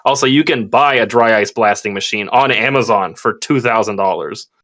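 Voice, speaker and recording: A man's voice: lowish voice, moderate pace, pushed and bright. A man in his twenties hosting a podcast over a remote call, giggling and hesitating in casual chat. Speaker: podcast host.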